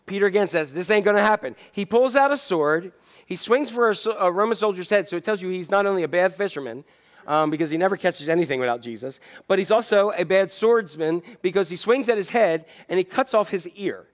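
A man's voice: sits high, expressive, brisk. A man preaching a sermon in a conversational, humorous way, asking many rhetorical questions.

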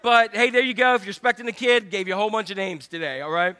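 A man's voice: high-pitched, quick pace, pushed and bright. An older man preaching a sermon, joking and putting questions straight to his congregation. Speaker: pastor.

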